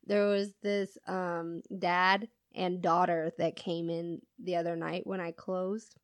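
A young woman chats casually in a lowish, fairly flat voice at a slow pace, with no room sound. She tells funny work stories, quoting other people's voices, and laughs often.

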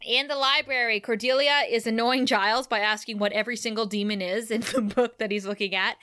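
A woman co-hosting a podcast, recapping a TV episode in casual chat, animated and laughing often as she acts out the quoted lines. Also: on the high side, brisk, smooth, no echo.

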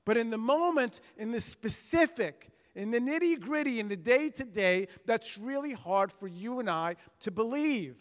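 High-voiced preacher in a reverberant church. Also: male voice, expressive, normal speed, hardly any pauses. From United States. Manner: earnest preaching with emphatic swells and dramatized quotes. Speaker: pastor. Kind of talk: sermon. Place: church sanctuary. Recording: long reverb of a church hall.

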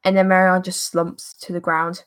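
A woman's voice: fairly low pitch, little pitch movement, fairly quick, smooth. A woman narrating a tabletop game as game master, in a casual, rambling way with frequent hesitations.

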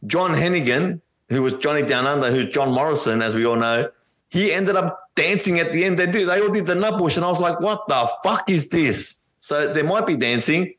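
A man's voice: fairly high pitch, a bit bright, low-quality recording. Profane ranting man on a podcast. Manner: blunt and heavily profane ranting. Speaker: podcast co-host. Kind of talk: casual chat, wrestling review.

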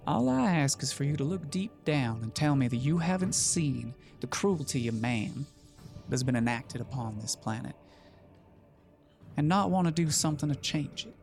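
A man playing a grave male recruiter for a secret cause, speaking in a calm, measured way with a quiet menace. Faint music plays behind him. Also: fairly high pitch, creaky. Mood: solemn.

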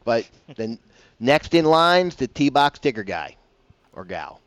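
A man's voice: mid-range voice, very animated, a little slow, no room sound. A man hosting a casual morning golf radio show, rambling and chatty with self-deprecating asides, on a broadcast mic. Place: broadcasting from a bar.

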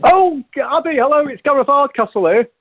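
A man's voice: very high-pitched, expressive, fairly quick. A man calling in to a talk show, joking in a rambling way and stumbling over his words. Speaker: caller. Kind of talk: phone-in call. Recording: dull lo-fi phone line.

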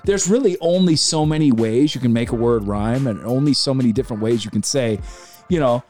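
A man hosting a podcast, chatting casually and excitedly, rambling and swearing freely. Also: mid-range voice, brisk, faint music behind. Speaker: podcast host. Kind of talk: casual chat about hip hop.

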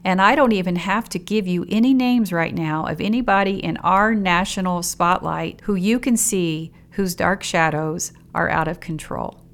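A woman hosts a solo podcast on personal growth, her voice sitting a little low. She talks reflectively and turns often to the listener with questions. She records in a home studio set up in a basement spare bedroom. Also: normal speed, vocal fry, few pauses. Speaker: podcast host.

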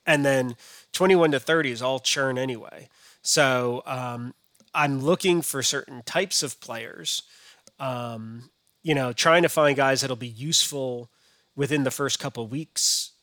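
A man's voice: medium pitch, unhurried, a bit bright, no echo. A man as a podcast guest, talking casually and hesitantly with many restarts. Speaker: podcast guest, fantasy baseball analyst.

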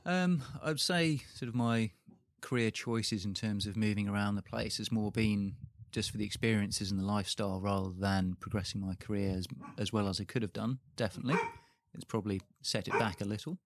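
Gravelly, hesitant man from Guernsey. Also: lowish voice, brisk, dry recording. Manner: hesitant, with a lot of fillers and restarts. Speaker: interview guest. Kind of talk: interview answers.

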